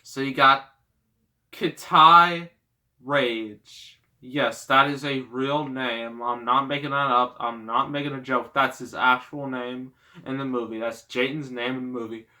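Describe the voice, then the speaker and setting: Guy rambling thru a movie review, slow and bright, lots of um and like, kinda sarcastic. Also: mid-range voice, steady tone. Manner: rambling, sarcastic, with many fillers and laughs.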